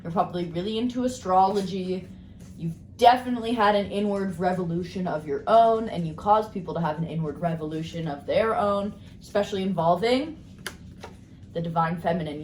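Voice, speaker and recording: A woman giving a casual tarot card reading, bubbly and rambling as she talks excitedly. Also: lowish voice, a little fast, roomy sound, a little hiss or hum. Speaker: tarot reader.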